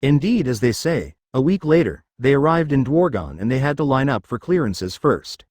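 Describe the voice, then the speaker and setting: Brief: male narrator reading fan fiction, animated pitch, dry close sound. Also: normal speed, no room sound. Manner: plain storytelling narration.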